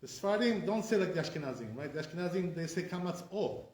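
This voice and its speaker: A rabbi is teaching a class in a roomy, echoing space, and his voice sits a little on the high side for a man. He explains step by step and keeps checking in with his listeners. He often says sounds aloud to show how they go. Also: animated, rapid-fire, darkish tone. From Sephardi community. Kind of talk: informal Torah class. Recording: echoey room.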